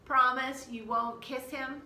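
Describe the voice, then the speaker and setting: A woman's voice: high-pitched, steady tone, slow, sharp tone, roomy sound, distant mic, voice pushed up, full character voice. A woman reading a storybook, voicing a cautious young boy who pleads and insists. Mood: pleading.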